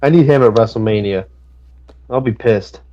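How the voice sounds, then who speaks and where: A man's voice: medium pitch, normal speed, mellow. A man on a casual wrestling podcast telling stories with swearing and amusement, on a dull lo-fi mic. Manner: profane, amused storytelling. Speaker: podcast co-host.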